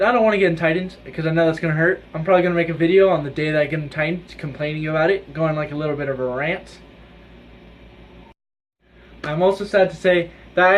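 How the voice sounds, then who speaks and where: A man's voice: high-pitched, a little hiss or hum. A teenage boy vlogging to camera about his school day, rambling with lots of "like" and laughing through his stories. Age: teens. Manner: rambling, many "like"s, laughs while telling stories. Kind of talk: casual chat to camera. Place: indoors with his own video light.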